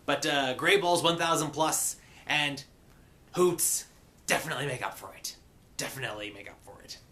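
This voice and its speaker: A man's voice: a little high, normal speed, pushed and bright. A man giving a casual recap and review of a cartoon episode, slipping into mock pirate grammar.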